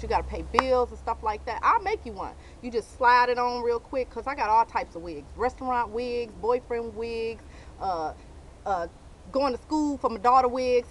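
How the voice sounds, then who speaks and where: Bright, high-voiced woman, outdoor comic vlog rant, faint noise behind. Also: rough recording. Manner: excitable, loud outbursts and dramatic repetition. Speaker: vlogger. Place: outdoors by a car. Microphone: handheld camera.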